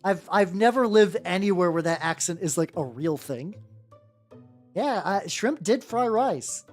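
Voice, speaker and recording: A woman with a fairly low, expressive and slightly mellow voice speaks unhurriedly as she paints miniatures on stream. She rambles casually and jokes at her own expense, faint music in the background.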